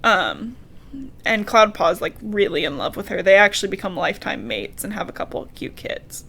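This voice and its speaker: Woman podcast host going thru a book recap, lively, laughs a lot, swears a bit, mid pitch voice. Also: moderate pace, gravelly, slightly rough. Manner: animated, laughing, swears casually. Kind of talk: casual book recap chat.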